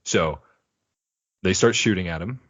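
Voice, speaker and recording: A podcast co-host with a low voice talks a little slowly, recorded with no echo. He rambles through a casual episode recap, retelling it with animation and slipping into put-on character quotes.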